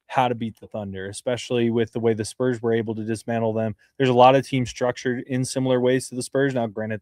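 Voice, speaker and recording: A man co-hosting a sports podcast, talking through basketball analysis in an earnest, fast-flowing way with frequent restarts. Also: mid-range voice, darkish tone, dry recording, studio quality. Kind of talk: casual sports talk.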